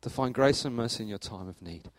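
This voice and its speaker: A middle-aged man preaching a sermon as church leader, telling stories in a lively way with sudden rises in pitch and loudness. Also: a little fast, no echo. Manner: animated storytelling, acts out anecdotes with jumps in pitch and volume. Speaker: pastor.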